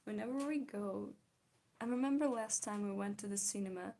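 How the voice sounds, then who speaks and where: Her voice is medium in pitch with a dark tone, and she talks fairly quickly. She's a young woman chatting casually with viewers while drawing on stream, giggling a lot and replying to their comments.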